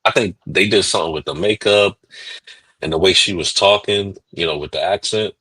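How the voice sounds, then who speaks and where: A man's voice: low voice, normal speed, bright, forceful tone, breathy edge, no room sound, low-quality recording. A man co-hosting a podcast in casual chat, laid-back and chuckling. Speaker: podcast co-host.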